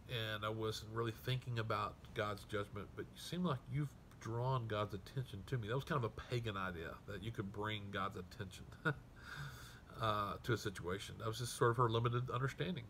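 Earnest preaching man, bright tone. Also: mid-range voice, a little hiss or hum. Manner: expository preaching, reads scripture aloud then explains it; earnest, emphatic, drops to soft tones at grave points. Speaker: pastor. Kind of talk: sermon.

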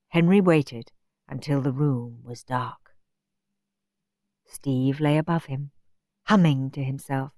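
A woman reading a children's storybook aloud, expressive and playful. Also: deep voice, dry recording, studio quality. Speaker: audiobook reader. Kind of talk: storybook narration. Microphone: close studio mic.

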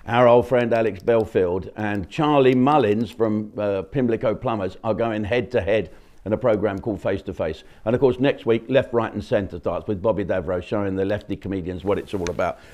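A man's voice: on the low side, normal speed, darkish tone. An older man, a comedian and channel host, giving a blunt, mocking monologue full of swearing and asides. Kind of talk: rambling opinionated monologue.

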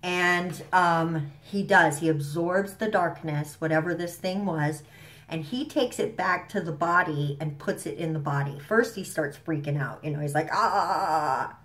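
A woman's voice: sits low, moderate pace, fairly bright tone. Chatty woman rambling through a show recap. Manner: chatty, rambling, enthusiastic, with frequent fillers and slang. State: stuffy from allergies. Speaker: vlogger.

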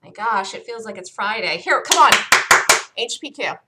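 A woman hosting a live day trading room, excitedly calling trades as they happen, her voice getting worn from talking loud. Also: fairly high pitch, moderate pace, heavy background noise. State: losing her voice. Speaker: day trading show host.

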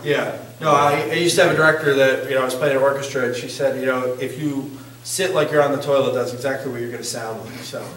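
A male singing instructor teaches a casual workshop, chatting, joking and quizzing his class with questions for the group. His medium-pitched voice is quick, a bit bright and fairly even in intonation. He was recorded from a distance in an echoey, reverberant room.

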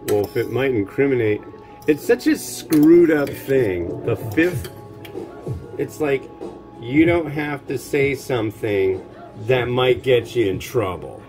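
Slow-talking male cooking host, rambling and wry, music clearly underneath. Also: mid-range voice, lively intonation. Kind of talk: casual chat while cooking.

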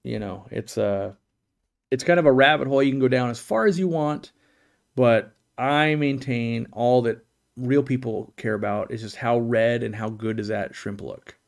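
A man's voice: mid-range voice, normal speed, gravelly. Blunt opinionated middle-aged man. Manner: blunt, opinionated, rambling with restarts. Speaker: livestream host answering viewer questions. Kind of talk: casual live Q&A chat.

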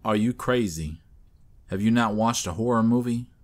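A man's voice: fairly low pitch, normal speed, pitched above the performer's own voice, lightly acted. A man voicing a nervous, cautious young man who sounds wary and uneasy.

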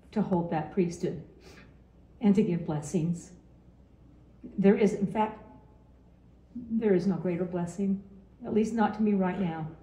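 A woman's voice: mid-range voice, dark tone, reverberant, poor audio. A woman in her seventies from Utah, giving a heartfelt farewell message to her grandson, earnest and often repeating her phrases. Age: 70s.

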